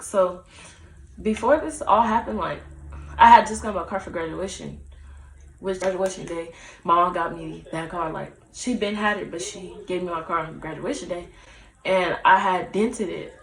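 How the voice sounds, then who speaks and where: A woman's voice: on the low side, measured pace, gravelly, pauses often, a little hiss or hum. A young woman telling a personal story to her camera in a casual, chatty way, full of fillers and acted-out dialogue. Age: young adult. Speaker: vlogger. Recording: echoey room.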